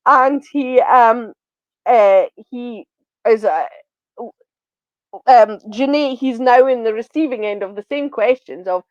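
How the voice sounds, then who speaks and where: A woman's voice: on the high side, slow, no room sound, lo-fi sound. A woman podcast co-host recapping a TV episode in casual chat, retelling scenes with many ums and acting out the lines.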